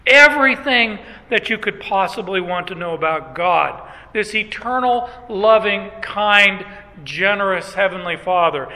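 A high, very bright male voice preaches with emphatic, rhetorical energy. He leans hard on key words and slows them down. His voice carries a long reverb tail from a large hall. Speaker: pastor. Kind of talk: sermon.

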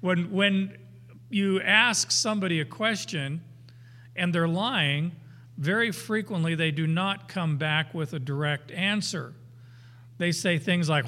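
An older man teaches from scripture at a slow, deliberate pace, his voice bright and a touch high for a man. He mixes homely stories with emphatic readings of the verses. A long reverb trails each phrase, as if he is speaking in a large hall. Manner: folksy, unhurried, with anecdotes and chuckles. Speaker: Bible teacher.

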